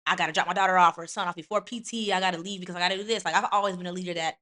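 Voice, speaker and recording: A blunt, outspoken woman who hosts the show and speaks from years as an Army NCO. She talks quickly and her voice is bright and sharp. She swears freely while she tells her stories. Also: on the low side. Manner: blunt, profane, animated storytelling. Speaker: podcast host and Army NCO. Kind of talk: candid casual chat.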